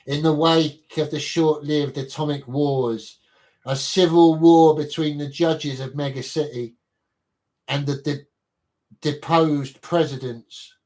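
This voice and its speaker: A man's voice: fairly high pitch, steady tone, slow pace, darkish tone. A man hosting a casual livestream, reading aloud from a reference book, stumbling and repeating words and breaking off to greet viewers in chat.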